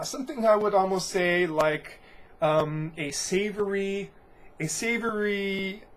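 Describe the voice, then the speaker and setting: A chatty man whose voice sits a bit high for a man. He talks through a casual beer review in a loose, rambling way, restarting sentences and correcting himself as he goes.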